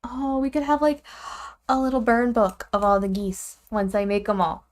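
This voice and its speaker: A young woman chatting casually and giggling as she draws, rambling and often trailing off quietly. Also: medium pitch, fairly even intonation, normal speed. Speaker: streamer drawing goose characters. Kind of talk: casual chat while drawing.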